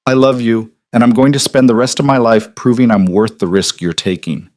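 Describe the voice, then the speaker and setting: A man voicing a guarded, vulnerable brooding man who talks quietly with calm control. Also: mid-range voice, normal speed, lightly acted. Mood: earnest.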